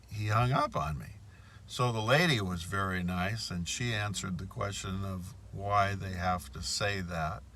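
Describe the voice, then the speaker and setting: A man's voice: sits low, bright, forceful tone, a little hiss or hum. A man telling a story in a casual monologue, indignant and repeating his points. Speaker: bank customer telling of a complaint.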